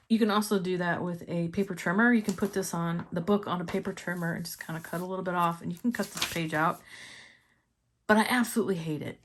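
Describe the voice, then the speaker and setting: A chatty woman with a Missouri twang talks through her planners in a casual vlog, her voice sitting at an ordinary middle pitch. She laughs often and sounds upbeat, and a faint hiss runs under the recording. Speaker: planner vlogger.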